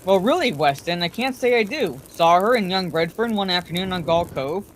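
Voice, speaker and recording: A woman voicing a rambling, blustering older man with a hoarse, wheezy voice, in a bedtime story reading. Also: lowish voice, lively intonation, normal speed, a little hiss or hum, natural voice.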